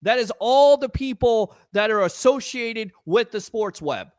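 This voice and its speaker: A man's voice: extremely high pitch, lively intonation, measured pace, no echo, studio quality. A man hosting a live sports talk stream, talking in an earnest, emotional, rambling way while hyping up his audience. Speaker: sports talk show host.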